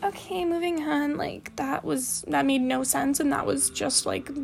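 High-voiced young woman telling a story. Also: creaky, a little hiss or hum. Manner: rambling and candid, full of "like" and restarts. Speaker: vlogger. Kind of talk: personal storytime.

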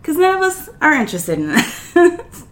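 A woman's voice: high voice, very animated, normal speed. A young woman co-hosting a podcast, chatting casually in a teasing, giggly way. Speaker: podcast co-host. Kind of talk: casual chat.

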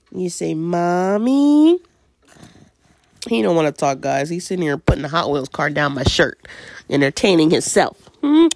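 A woman hosting a casual parenting podcast, chatting loosely with many fillers and laughs while at home with her toddler. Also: on the low side. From Washington. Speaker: podcast host.

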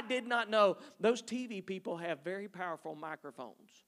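A man's voice: high-pitched, moderate pace, creaky, hardly any pauses, fairly bright tone. A middle-aged man, a missionary telling folksy stories to a church audience. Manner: folksy, storytelling, addresses audience as y'all.

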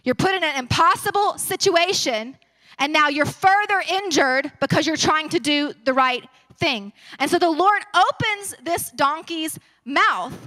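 Woman pastor reading bible and chatting about it, fairly high bright voice, gets louder when she preaches. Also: expressive, unhurried, dry recording. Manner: conversational, asides between Bible verses; rises in pitch and force when preaching the point. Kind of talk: sermon with scripture reading.

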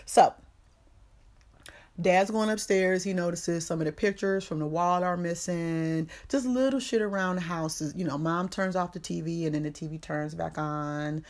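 A low-pitched woman recaps a movie for her podcast, swearing freely and using plenty of slang. She talks casually and acts out the characters' lines as she goes. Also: moderate pace, a little mellow. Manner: profane, slangy storytelling with quoted voices. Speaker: podcast host.

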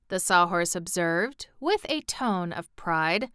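A woman narrating a children's storybook aloud in a measured way, with the odd wry aside. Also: on the low side, a bit bright, clear, resonant tone, no echo, clean studio sound.

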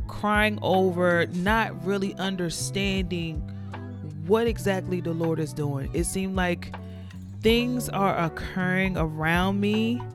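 A woman hosting a faith podcast, talking candidly and reflectively about her own struggles in a confessional monologue. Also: fairly low pitch. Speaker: podcast host.

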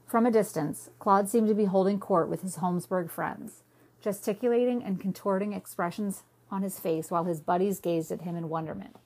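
A woman reading her novel aloud in a steady, plain storytelling voice. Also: mid-range voice, a little fast. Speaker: reader, narrator.

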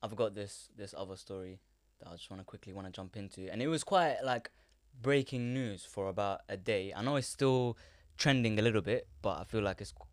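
A man's voice: lowish voice, fairly quick. A young man co-hosting a casual podcast, chatty and plainly explaining a story. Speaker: podcast co-host.

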